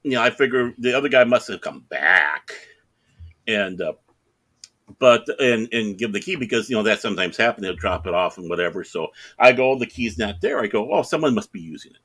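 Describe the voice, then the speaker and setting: A man's voice: fairly low pitch, animated, brisk, a bit bright. A middle-aged man telling a long anecdote in casual chat, acting out the other people in the story in raised voices. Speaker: podcast co-host.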